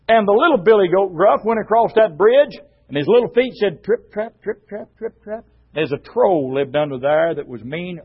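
A man's voice: high-pitched, slightly rough. A man preaching a fervent, emphatic sermon to a group of men. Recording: dull lo-fi recording.

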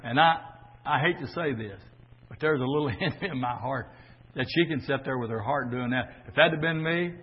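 An older man preaching a sermon on the air, swinging from fervent shouting to quiet, folksy storytelling. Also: mid-range voice, a little fast, slightly rough. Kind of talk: Pentecostal-style sermon on the air. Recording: dull lo-fi audio with long church reverb.

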